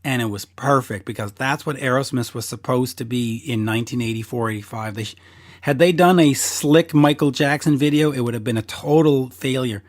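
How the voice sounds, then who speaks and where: Enthusiastic podcast host, close and dry. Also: male voice, mid-range voice, fairly quick, no echo. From Canada. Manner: enthusiastic, blunt, swears casually. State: losing his voice. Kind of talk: casual interview chat.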